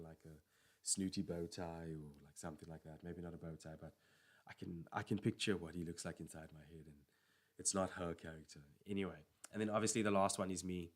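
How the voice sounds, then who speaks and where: A man chatting casually on a stream, rambling and correcting himself as he goes. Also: low-pitched. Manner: rambling, self-correcting, filler-heavy. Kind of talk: casual chat.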